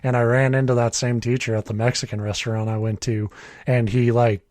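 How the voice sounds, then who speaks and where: A man's voice: medium pitch, level tone, a little fast, a little mellow, dry recording. A man in his early thirties reading a story aloud on a casual podcast, breaking off for asides and correcting himself. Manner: reads aloud with asides, chuckles, self-corrections.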